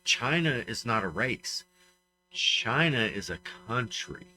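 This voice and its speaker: A man's voice: medium pitch, big pitch swings, takes it slowly, pushed and bright, soft background music, low-quality recording. A man co-hosting a comedy podcast, giving emphatic, ranting opinions in casual banter. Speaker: podcast co-host.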